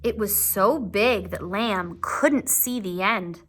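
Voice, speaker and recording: A woman teacher reading a picture book aloud to young children, with asides to them. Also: medium pitch. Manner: slow, expressive, with asides to the children.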